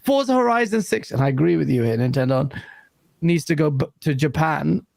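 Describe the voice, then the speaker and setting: A man hosting a casual gaming livestream panel, voice gone hoarse, blunt and swearing, laughing often and reading out super chats. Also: on the high side, fairly even intonation, a little fast, warm tone, no echo. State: lost voice. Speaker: livestream host.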